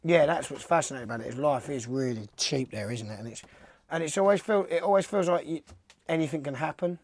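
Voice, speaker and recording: A man's voice: fairly high pitch, quick pace. A young man, a pro skateboarder, telling rambling anecdotes casually and swearing freely. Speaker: professional skateboarder. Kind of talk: casual storytelling interview.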